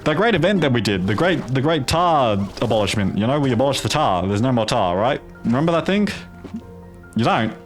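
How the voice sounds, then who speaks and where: A man's voice: mid-range voice, big pitch swings, brisk, soft background music. A man hosting a gameplay video in a put-on Australian accent, rambling with profane, jokey asides. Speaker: gaming video host. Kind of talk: casual gameplay commentary.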